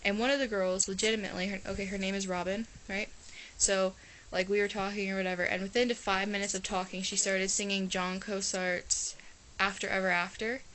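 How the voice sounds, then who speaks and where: A teenage girl from Ohio on exchange chats casually to her camera, meandering with frequent "like"s and restarts. She talks briskly at a medium pitch with a level, slightly bright tone, and the poor audio carries slight background noise.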